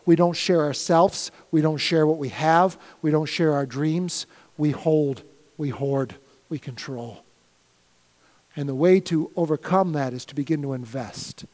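A middle-aged man preaching a sermon as pastor of his church, swinging from loud shouted appeals down to soft, quiet prayer. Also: a little high. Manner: builds to loud shouted pleas, then drops to soft prayer. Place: church sanctuary. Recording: long hall reverb.

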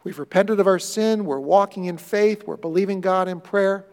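A male pastor preaching a sermon, telling stories earnestly and swinging from loud bursts to quiet moments. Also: high-pitched, moderate pace, in a large hall.

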